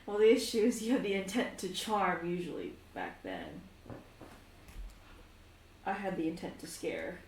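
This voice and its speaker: Woman playing a gentle big axe-wielding man. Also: fairly low pitch, wildly swooping pitch, measured pace, pauses often, slight background noise. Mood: playful. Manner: mild, laughing, teasing back. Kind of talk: in-character tabletop role-play. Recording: roomy echo.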